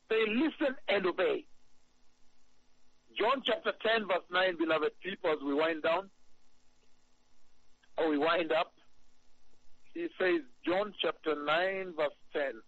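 A man preaching a sermon, emphatic and repetitive, reading scripture slowly. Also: high voice, expressive, a bit bright, lo-fi sound. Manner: emphatic, repeats phrases, reads scripture slowly.

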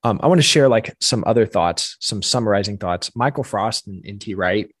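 A man's voice: fairly low pitch, expressive, normal speed, husky, no room sound. A man co-hosting a casual faith podcast, talking through ideas in an earnest, reflective way. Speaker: podcast co-host.

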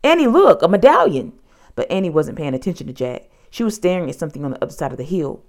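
A woman narrating a children's storybook in an expressive, dramatic way. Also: deep voice, racing.

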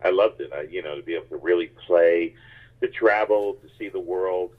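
Low husky man on a tinny line. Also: brisk. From United States. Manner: animated, rambling anecdotes with many restarts. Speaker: stand-up comedian, guest. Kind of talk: casual interview storytelling.

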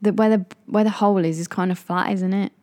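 A woman chatting casually with a friend, quick to laugh and slip into impressions. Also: mid-range voice, fairly even intonation, a little mellow, dry recording. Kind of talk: casual chat.

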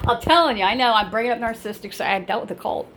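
A woman's voice: medium pitch, steady tone, rapid-fire, a bit bright, a little hiss or hum, rough recording. A woman giving blunt life advice in a rambling casual monologue, repeating herself and using lots of fillers.

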